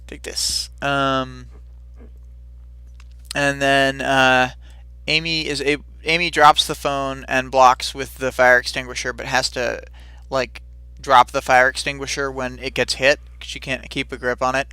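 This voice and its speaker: Man, bright voice, rambling livestream recap, lots of ums, quick silly character voices. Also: mid-range voice, level tone, clean tone, no echo. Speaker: livestream co-host recapping chapters. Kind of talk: casual recap of a fight scene.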